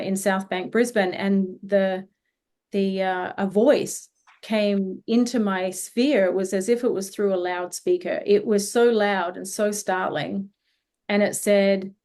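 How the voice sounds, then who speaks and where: A woman's voice: medium pitch, a little mellow. A woman, a healing practitioner guest, telling a personal story in an interview in an earnest, reflective way. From Australia.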